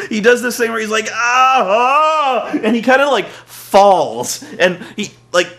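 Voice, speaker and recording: A man casually recapping a wrestling show, rambling and swearing, with quick mimicked asides. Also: sits high, a bit bright. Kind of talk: casual profane comedic recap.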